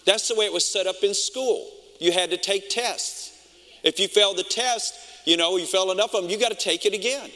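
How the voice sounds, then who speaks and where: A middle-aged pastor preaching a sermon, telling stories in an animated way and acting out his own reactions. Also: sits high, fairly quick. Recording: long reverb of a large hall.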